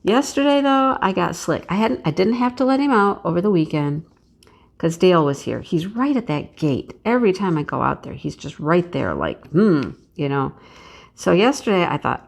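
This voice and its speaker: A woman hosting a casual chat vlog, telling an animated, rambling story and laughing often. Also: lowish voice, normal speed, vocal fry. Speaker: craft channel host.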